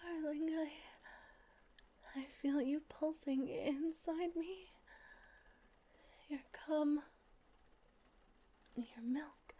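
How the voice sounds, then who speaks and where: A young adult woman voicing a loving female plush toy come to life in an intimate audio role-play, breathy and affectionate. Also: high-pitched.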